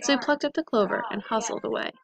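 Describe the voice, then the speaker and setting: A woman reading a rhyming storybook aloud to a class of children, with a steady, rhythmic delivery. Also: on the high side, fast, vocal fry, a crowd in the background, rough recording.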